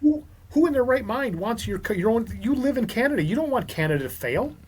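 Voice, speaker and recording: A man, a small business owner from Minnesota, talking as a podcast guest and telling lively stories with quoted dialogue. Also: very high voice, brisk, husky. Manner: animated storyteller, quotes others in dialogue. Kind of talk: casual podcast conversation.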